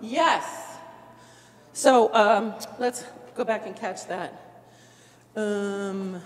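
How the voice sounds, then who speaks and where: A woman's voice: mid-range voice, drawn-out words, in a large hall. A middle-aged woman teaching an opera masterclass in a church, encouraging and demonstrating phrases by singing them. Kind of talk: coaching a singer in a masterclass. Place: church with long reverb.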